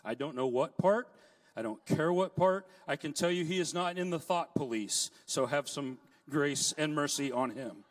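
Man, middle-aged, preacher, sermon storytelling, joking asides, slightly high voice, heard from a little way off the mic. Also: expressive, moderate pace, recorded from a distance. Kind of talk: sermon with personal stories. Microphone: handheld mic, set down at times.

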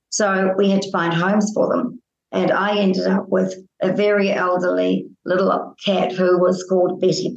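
A woman from New with a slightly croaky voice, telling stories chattily as a radio interview guest. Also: on the low side, dull audio. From New Zealand. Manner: chatty storytelling. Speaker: guest, cat charity founder. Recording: roomy echo.

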